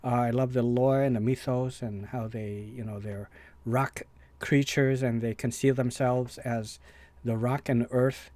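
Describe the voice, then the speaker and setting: A man's voice: medium pitch, fairly even intonation, measured pace, a little mellow. A man hosting a reaction video, talking casually in a rambling, hesitant way with many fillers and restarts.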